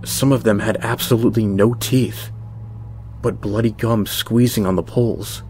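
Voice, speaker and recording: A man's voice: fairly low pitch, steady tone, a little mellow, a little hiss or hum. Man reading a creepy story. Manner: measured, tense narration. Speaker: narrator. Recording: music bed under voice.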